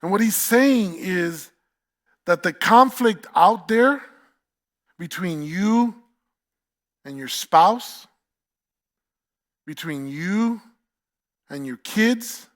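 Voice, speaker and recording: A man's voice: sits high, expressive, very slow, long pauses, fairly bright tone. A man with a New York accent preaching a sermon as pastor, emphatic, repeating key phrases and asking the congregation questions.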